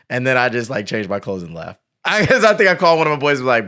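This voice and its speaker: A young man hosting a podcast, telling animated stories in casual chat, acting out quotes and laughing often. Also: medium pitch, fast talker, few pauses, clean tone. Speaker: podcast host.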